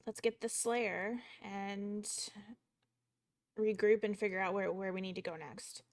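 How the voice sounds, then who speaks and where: A woman voicing a determined blue-haired teen girl witch, a school outcast, speaking softly and hesitantly in a tabletop game. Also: medium pitch, fairly even intonation, a little slow, natural voice. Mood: earnest.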